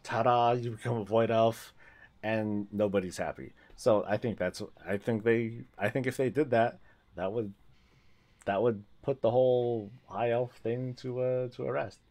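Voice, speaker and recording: A man's voice: mid-range voice, steady tone, measured pace, a little mellow. A man chatting casually on a gaming livestream, rambling, restarting his sentences and laughing often.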